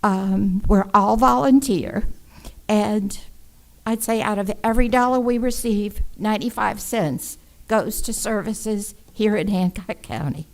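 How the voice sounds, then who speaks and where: A woman volunteer for a nonprofit giving a prepared public presentation at a council meeting, measured, polite and organized. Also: mid-range voice, low-quality recording.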